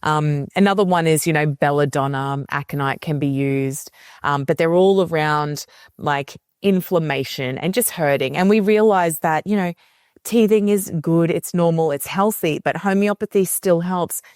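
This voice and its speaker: A woman's voice: deep voice, moderate pace, darkish tone, clean tone, no echo, studio quality. A woman, a homeopathy educator, explaining remedies in a casual podcast conversation and acting out quoted voices of kids and parents.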